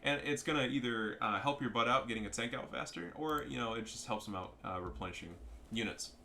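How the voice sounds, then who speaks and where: A young man giving casual, profane, excitable commentary over his own strategy game match. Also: medium pitch, a little fast, vocal fry, a little hiss or hum. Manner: profane, excitable, trash-talking. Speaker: gameplay commentator.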